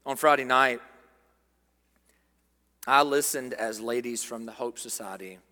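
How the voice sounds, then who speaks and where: A man with a Southern American accent preaching a sermon, earnest and dropping to hushed tones for emphasis. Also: medium pitch, measured pace, long reverb tail. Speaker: pastor. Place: church sanctuary.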